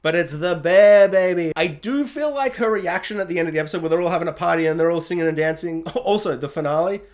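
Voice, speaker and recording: A man giving a casual spoken review of a TV series, chatty and animated, laughing often and talking in loose, filler-heavy sentences. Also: a little high, quick pace. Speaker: YouTube TV reviewer.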